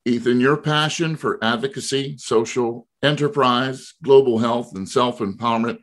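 A man hosting a sports interview show, reading formal introductions and questions in a measured way. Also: mid-range voice. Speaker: radio show host.

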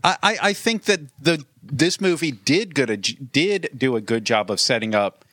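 Guy chatting casually, bright voice, bouncy and animated, dry mic. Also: moderate pace, dry recording. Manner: playful, pitches ideas enthusiastically. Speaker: podcast co-host. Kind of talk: casual chat.

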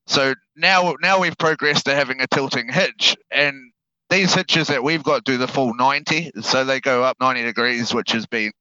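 A man's voice: mid-range voice, normal speed, pushed and bright, no echo, muffled recording. A man with a New Zealand accent, a guest talking casually about his trade work, laid-back and cursing freely, often repeating words as he thinks. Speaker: guest, heavy equipment operator. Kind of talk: casual podcast chat.

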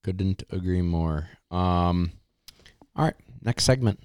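A man's voice: sits low, a little mellow, clean tone, no room sound, studio quality. A man hosting a podcast in casual chat, teasing his co-host and moving through segments. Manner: teasing, unhurried, runs the segments.

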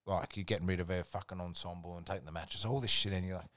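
An Australian man with a fairly low voice tells rambling work stories as a podcast guest. His talk is relaxed and full of swearing. The sound is dry and close, with no room to it. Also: rapid-fire, dry recording. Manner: laid-back, sweary, rambling anecdotes. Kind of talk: casual storytelling chat.

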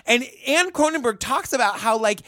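An excitable podcast co-host chats casually and swears freely. Their pitch moves a lot, and the recording is dry and close. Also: no echo. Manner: excitable, swearing, quick to laugh. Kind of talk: casual chat.

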